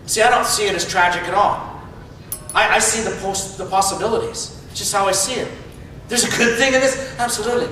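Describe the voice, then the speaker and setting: A man's voice: steady tone, a little fast, bright, forceful tone. A man in his fifties giving a humorous, conversational motivational speech, often repeating his opening words, recorded from a distance in an echoey hall. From Canada. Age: 50s. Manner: conversational, repeats words when starting sentences. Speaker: motivational speaker. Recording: echoey hall, distant mic, faint rumble.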